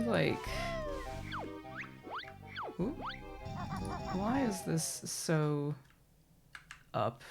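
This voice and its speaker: A woman's voice: fairly low pitch, gravelly. A woman doing casual live commentary on a race, chatty and rambling, laughing often and apologizing. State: sleepy, yawning.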